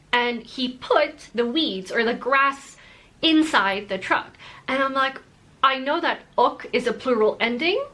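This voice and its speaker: A woman vlogger chats straight to her viewers in a casual, storytelling way. Her voice sits a little high and rings bright. She keeps things animated and laughs easily as she talks. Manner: animated, laughs while telling stories. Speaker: language-learning vlogger.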